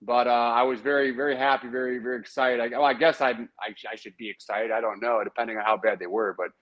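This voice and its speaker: A man with an everyday mid-pitched voice co-hosts a sports podcast. He talks in a good-humored, playfully protesting way. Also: steady tone, fast, lo-fi sound. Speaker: podcast co-host. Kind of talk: casual chat.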